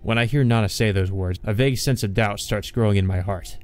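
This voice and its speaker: A man's voice: fairly low pitch, a little fast, faint music behind. A man hosting a let's play, reading a visual novel aloud and breaking in with wry, joking asides.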